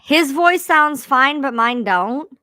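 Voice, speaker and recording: A woman rambles to her live-stream viewers in a high, bright voice. She talks casually, swears freely and laughs at herself. The sound is close and dry. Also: expressive, slow pace, no room sound. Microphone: own streaming mic sounding odd.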